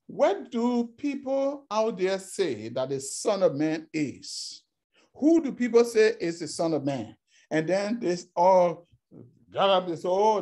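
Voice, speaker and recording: A man's voice: high voice, darkish tone. Male preacher, emphatic sermon delivery, repeats phrases, acts out quotes.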